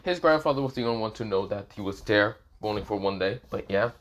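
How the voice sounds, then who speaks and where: A man's voice: on the low side, lively intonation, quick pace. A man improvising a fan-fiction story, rambling and repeating himself as he narrates. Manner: rambling, repeats "this is where, well".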